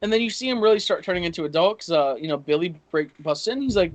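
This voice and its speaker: A man co-hosting a podcast, retelling film scenes in animated casual chat, swearing and calling his friends bro. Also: fairly high pitch, quick pace, few pauses, no echo. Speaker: podcast co-host.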